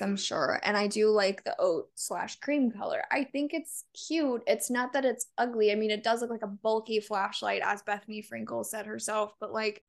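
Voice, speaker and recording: A woman's voice: on the high side, gravelly. A young woman co-hosting a podcast in casual chat, blunt and sarcastic, swearing freely as she rants. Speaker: podcast co-host.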